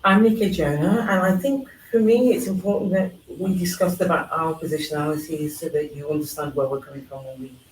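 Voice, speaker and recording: A man's voice: a little high, steady tone, a little fast, hardly any pauses, roomy sound, recorded from a distance, a little hiss or hum, poor audio. A man from England speaking thoughtfully on a live panel at a forum, with frequent fillers. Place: event hall at a live forum.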